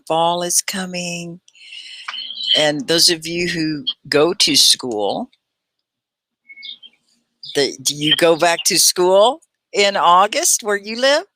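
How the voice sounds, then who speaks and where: A middle-aged woman from Texas hosting a live online English lesson, chatty and clearly articulated, greeting viewers by name. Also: on the low side, a bit bright. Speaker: English teacher and livestream host.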